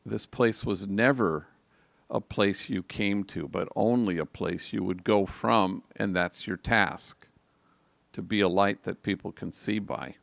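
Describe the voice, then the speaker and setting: A man's voice: on the low side, no echo. An older man, a priest, telling a story in a reflective homily at a live liturgy. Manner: slow, reflective, gravelly delivery.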